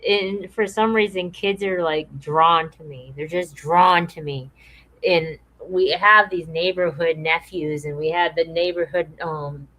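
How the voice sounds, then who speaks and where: A woman co-hosting a podcast, chatting in a relaxed way and reading viewer comments aloud. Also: on the low side, measured pace, low-quality recording. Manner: relaxed and conversational, with frequent restarts. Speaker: podcast co-host.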